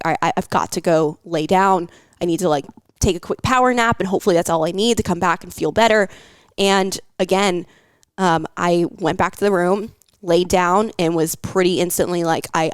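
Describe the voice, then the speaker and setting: Young woman coach, open and emotional, halting speech, dry close sound. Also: fairly low pitch, no echo. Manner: candid, emotional, halting with fillers. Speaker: health coach. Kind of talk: personal podcast talk.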